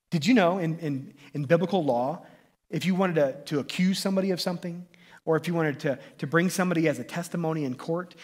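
A man preaching in a loose, conversational way, his voice sitting a little high and sounding husky. He gets excitable, trips over restarts and keeps checking in with his listeners. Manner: conversational, excitable, frequent restarts and "right?" tags. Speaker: pastor. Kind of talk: sermon.

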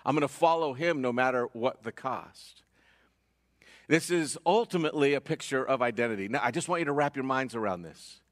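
A man preaching a sermon as pastor, earnest, his voice rising and dropping as he presses each point. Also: a little fast. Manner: earnest preaching, rises and falls in pitch and loudness. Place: church sanctuary. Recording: long reverb of a church hall.

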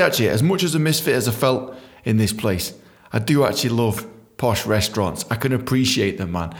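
A man telling a comic story, animated, often jumping into squeaky high voices for jokes. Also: vocal fry. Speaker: comedian storyteller.

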